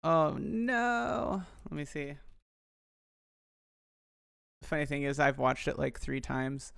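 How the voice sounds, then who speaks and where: A man's voice: a little high, expressive, slow pace, vocal fry, fairly bright tone, clean tone, no room sound, clean studio sound. A young man rambling on a live stream, talking to his viewers and poking fun at himself. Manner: chatty, self-deprecating, addresses viewers.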